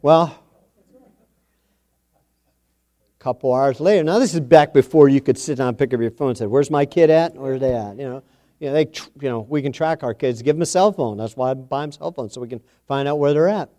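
Brisk and medium-pitched with a dark tone, a middle-aged man preaches by spinning a homely family tale. His style is folksy and repetitive, with phrases said again to drive points home.

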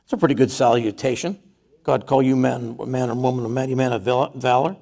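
A man's voice: mid-range voice, steady tone, a little fast, gravelly, a little mellow. A man preaching a conversational sermon, reading scripture aloud and then retelling it in his own words.

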